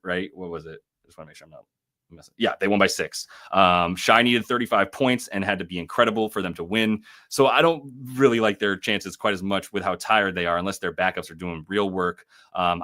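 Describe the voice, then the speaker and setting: A man with a low voice hosts a live betting stream. He rambles casually, swears freely and corrects himself as he goes. His delivery is loose and unscripted. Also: pushed and bright. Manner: loose, profane, rambling with many fillers. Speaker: sports betting show host.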